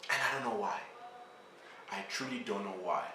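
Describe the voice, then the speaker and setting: A man's voice: on the low side, normal speed, sharp tone, distant mic, a little hiss or hum. A man from South Africa hosting his own vlog, ranting bluntly and swearing as he pleads with the people he calls out. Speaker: vlog host. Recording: echoey room, voice a little off-mic.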